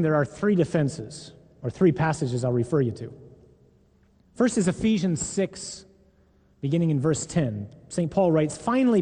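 A man preaching a Catholic sermon in an earnest, emphatic and deliberate way, reading scripture aloud. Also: fairly high pitch, warm tone, big-room sound.

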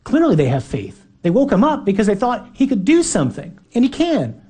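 A male preacher delivering an earnest, emphatic sermon. His voice sits fairly high but sounds mellow, with a husky grain. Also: huge pitch swings, fairly quick. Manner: earnest, emphatic, acts out quotes.

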